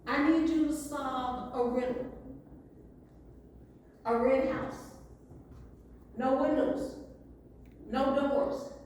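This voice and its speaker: An earnest young farm boy pleads politely and insistently, voiced by a woman storyteller. His voice is high and unhurried. It echoes from a distance in a large hall. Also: fairly even intonation, darkish tone, a little hiss or hum. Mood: pleading.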